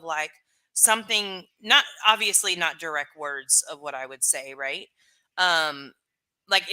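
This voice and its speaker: A woman's voice: on the low side, bright, forceful tone. A young woman hosting a casual livestream, reading chat and rambling frankly with lots of "like" and "you know".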